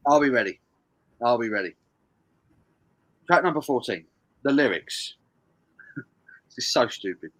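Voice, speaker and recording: A man hosting a live stream quiz, jokey and animated, reading out viewer comments as he goes. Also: medium pitch, a little slow, pauses often, low-quality recording. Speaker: live stream host running a lyrics quiz. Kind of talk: casual live stream chat.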